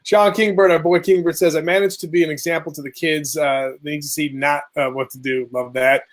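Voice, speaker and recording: Upbeat high-voiced man reading comments. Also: fairly even intonation, brisk. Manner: upbeat, reads out viewer comments. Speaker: podcast co-host. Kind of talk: casual chat.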